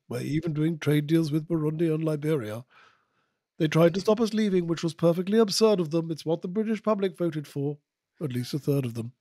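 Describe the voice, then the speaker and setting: A man's voice: fairly high pitch, no echo, clean studio sound, close to an everyday voice. A man impersonating a pompous upper-class male politician, singing a comic patter song in a plummy voice. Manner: loud, brisk rhyming list. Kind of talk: comic sung impression.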